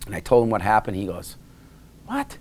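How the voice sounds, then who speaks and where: Speaking fast in a fairly low, slightly mellow voice with a steady tone, this middle-aged man from Wisconsin, USA, rambles through a personal story in a casual interview. Frequent restarts and acted-out quotes mark his telling.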